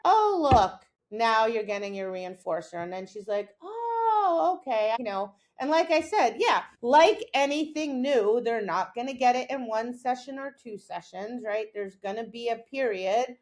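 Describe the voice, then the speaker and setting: Middle-aged woman, podcast co-host, fairly high voice, animated dog-training chat with acted-out asides. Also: normal speed, few pauses. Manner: animated, acts out her own lines and her dog's reactions. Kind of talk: casual instructional chat.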